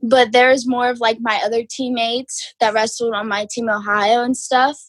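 A woman's voice: on the high side, flat delivery, normal speed, husky, no room sound. A teenage girl, answering interview questions in an easygoing way, full of "like" fillers. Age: teens. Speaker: guest, high school wrestler.

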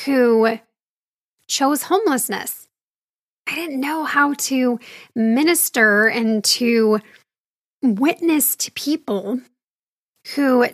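A woman's voice: high-pitched, no echo, studio quality. A woman telling a candid personal story about her faith in a conversational monologue, with wry asides and the occasional sigh. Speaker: speaker sharing her faith journey.

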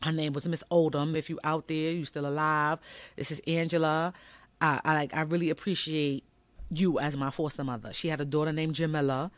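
A woman's voice: sits low, little pitch movement, a little fast, dry recording. A woman from Brooklyn, New York, hosting a podcast, telling a personal story in a candid, emphatic, conversational way. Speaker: podcast host.

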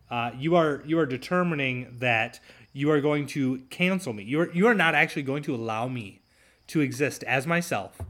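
A man's voice: mid-range voice, normal speed, fairly bright tone. A man hosting his own talk show, ranting sarcastically and mocking his opponents. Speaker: podcast host. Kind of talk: solo talk show commentary.

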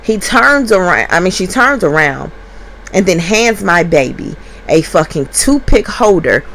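A woman's voice: medium pitch, very animated, normal speed, a bit bright, a little hiss or hum. A young woman and mother telling a story to her viewers in a casual, profane and emphatic way.

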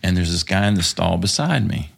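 Low gravelly man telling a profane story. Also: brisk. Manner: profane, laughing, animated storytelling. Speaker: podcast guest, former contractor. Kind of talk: casual storytelling.

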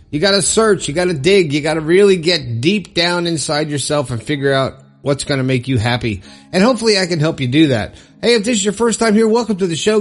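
A man hosting his own podcast alone, chatty, upbeat and poking fun at himself. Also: high voice. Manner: chatty, upbeat and self-deprecating. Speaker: podcast host. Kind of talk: solo podcast monologue.

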